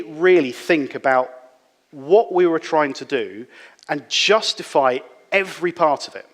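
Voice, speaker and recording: A man giving a relaxed, conversational conference talk, with frequent fillers and restarts. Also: on the high side. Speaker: conference speaker. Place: conference hall. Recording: reverberant hall.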